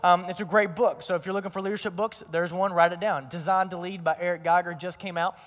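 A young man preaching a sermon with energetic storytelling and acted-out quotes. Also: high-pitched, fast. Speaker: pastor. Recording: long reverb of a large hall.

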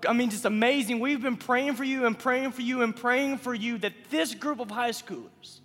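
A man preaching a youth sermon, moving between quiet pleading and loud calls. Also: very high-pitched, moderate pace, in a large hall. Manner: builds from hushed pleading to loud shouting. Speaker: youth pastor.

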